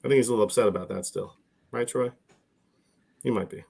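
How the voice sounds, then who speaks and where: A man's voice: fairly low pitch, fast talker, gravelly, a little mellow, husky. A man from New Jersey co-hosting a podcast, ribbing the others in casual, playful banter. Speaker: podcast co-host.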